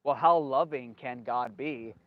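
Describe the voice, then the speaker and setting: In this solo video, a man of medium pitch talks at a slightly slow pace, wandering off track, stressing the same points over and over and forgetting where he was going. The audio is dull, lo-fi and dry, with noise in the background.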